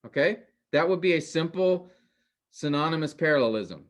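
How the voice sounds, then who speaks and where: A man's voice: a little high, lively intonation, moderate pace. Man lecturing a Bible class. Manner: explanatory, addresses class as guys and men; repeats points with rhetorical questions. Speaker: Bible teacher.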